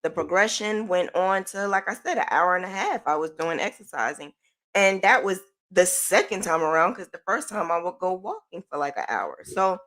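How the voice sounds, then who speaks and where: A woman hosting a podcast, telling a personal story in a chatty, animated way with informal slang. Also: lowish voice, normal speed. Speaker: podcast host.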